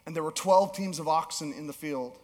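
A male pastor preaching a sermon, telling a story with animated swings between emphatic peaks and low, soft passages. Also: a little fast. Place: church auditorium. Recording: long hall reverb.

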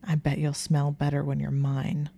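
A woman voicing a possessive, domineering young male wizard who speaks in a low, commanding growl. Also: completely flat delivery, moderate pace, vocal fry, warm tone.

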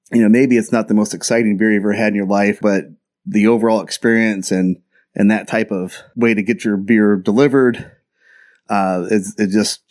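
Male guest, American, low voice, rambling anecdotal storyteller. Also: darkish tone. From United States. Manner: rambling, anecdotal, many restarts. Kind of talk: casual storytelling chat.

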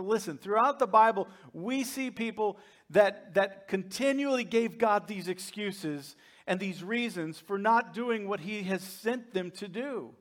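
Humorous high-voiced male pastor. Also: measured pace, hardly any pauses, a bit bright. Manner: humorous, conversational, laughs with the congregation. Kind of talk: sermon.

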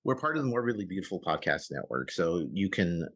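Man, podcast guest, low voice, husky, hesitant casual talk. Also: big pitch swings, fast talker, a bit bright. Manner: hesitant, fillers, easy laughter. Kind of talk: casual film discussion.

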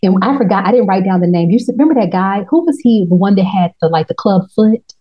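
A woman hosting a casual TV recap chat, telling the story in a slangy, profane, animated way and slipping into quick voices for the characters. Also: mid-range voice, breathy edge, dull audio. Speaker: podcast host.

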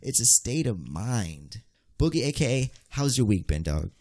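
A male podcast host talking in loose, joking banter. His voice swings all over the place with lively pitch as he hypes up the show and teases his co-host. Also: normal speed. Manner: playful, hyped, jokey hype-man delivery.

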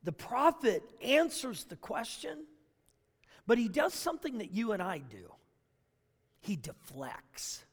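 A man preaching a sermon as pastor, dramatic, swinging between loud bursts and hushed asides. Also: very high-pitched, sing-song, a little slow, slightly rough. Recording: long reverb of a large hall.

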